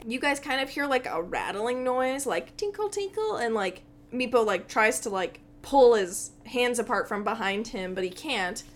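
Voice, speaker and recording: A woman's voice: on the high side, moderate pace, few pauses. A young woman narrating as game master in a casual, rambling way full of fillers.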